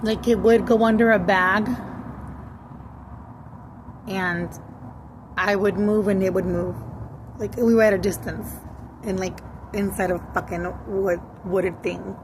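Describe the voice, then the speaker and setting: A woman's voice: medium pitch, fairly even intonation, slow, long pauses, background noise. A woman telling a rambling, profane story to her viewers in a casual vlog. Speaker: vlogger.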